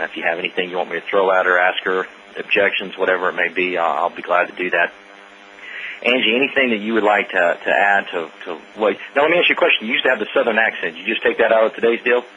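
A man's voice: deep voice, sharp tone, a little hiss or hum. A man hosting a sales team call, upbeat and full of praise, with frequent filler sounds, on dull lo-fi call audio.

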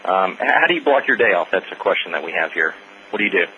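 A man's voice: low voice, very animated, fast talker, pushed and bright, a little hiss or hum. A man hosting a sales team call, upbeat and full of praise, with frequent filler sounds, on dull lo-fi call audio.

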